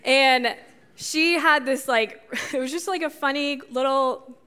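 A woman delivers a relaxed, conversational sermon in a high voice. She is animated and speaks directly to her listeners. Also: a little slow. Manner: animated, talks straight to the audience, laughs at her own slips. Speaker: youth speaker.

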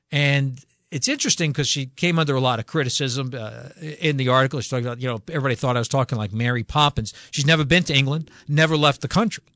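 Dry-miked radio doctor. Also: male voice, mid-range voice, a bit bright, no echo. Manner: conversational, with frequent fillers and restarts. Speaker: radio health show host, physician. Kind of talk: casual talk radio monologue. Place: radio studio. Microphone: studio radio mic.

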